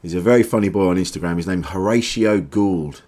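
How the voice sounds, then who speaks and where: A man, a comedian guest on a podcast. His voice is on the low side, and he talks in an easygoing, agreeable way and laughs along readily. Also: brisk, dark tone. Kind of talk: casual chat.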